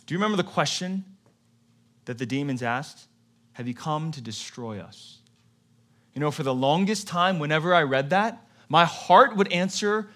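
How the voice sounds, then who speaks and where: Man, pastor, sermon, slightly high voice, conversational, swings between soft and emphatic. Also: big pitch swings, normal speed.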